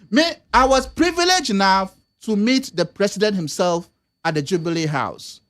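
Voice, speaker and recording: A man's voice: sits high, expressive, measured pace, fairly bright tone. A man giving emphatic political commentary on a radio talk show, mixing Twi and English.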